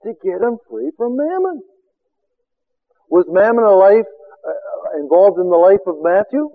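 A man preaching a sermon as a seminar teacher, firing rhetorical questions and swinging from loud exclamations to quiet asides. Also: high voice, animated, measured pace, phone-quality sound.

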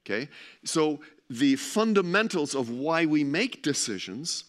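A man's voice: on the high side, very animated, measured pace. Rambling, joking male lecturer. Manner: chatty, joking, often searching for words with many restarts. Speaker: speaker giving a presentation. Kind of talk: informal lecture to a live audience.

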